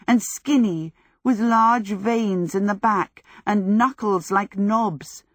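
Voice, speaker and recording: An audiobook narrator, a woman with a medium pitch, reads a scripted text slowly and with measured care. The sound is clean studio quality with no room sound.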